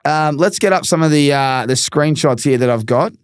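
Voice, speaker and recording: A man's voice: a little high, moderate pace, clean tone, no echo. A man hosting a casual podcast, laughing easily and reading out listener messages. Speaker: podcast host.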